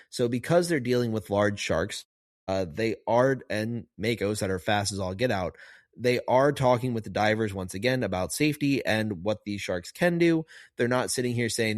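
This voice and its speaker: A man's voice: mid-range voice, no echo, clean studio sound. A man hosting a podcast, talking in a chatty, rambling way full of fillers. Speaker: podcast host, marine biologist. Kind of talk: casual podcast commentary.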